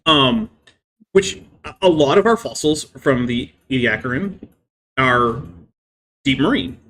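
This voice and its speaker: A man's voice: medium pitch, lively intonation, measured pace, fairly bright tone, a little hiss or hum. A man hosting a live stream, explaining science at length with many "I mean" fillers. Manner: careful, lecturing explanations. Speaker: livestream host.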